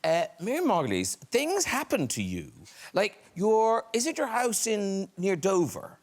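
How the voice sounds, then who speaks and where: A man hosting a talk show, asking quick, teasing questions. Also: high-pitched, big pitch swings. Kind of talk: casual chat. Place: TV studio with audience.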